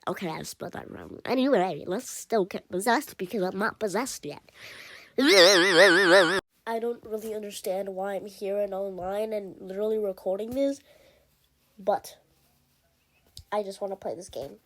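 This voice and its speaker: A woman giving casual, rambling commentary while she plays a game, breathing heavily and getting excited easily. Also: medium pitch, normal speed, long pauses. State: heavy breathing. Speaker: gamer. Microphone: iPad.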